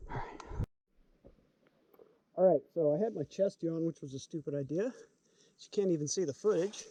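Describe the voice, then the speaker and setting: A man in his forties from California talks in a fairly high voice, self-mocking and chatty as he wades out into a pond. The outdoor sound carries a faint hiss of background noise. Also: normal speed, dark tone, poor audio. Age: 40s. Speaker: fishing vlogger. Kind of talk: casual outdoor chat. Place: outdoors at a pond, wading and swimming.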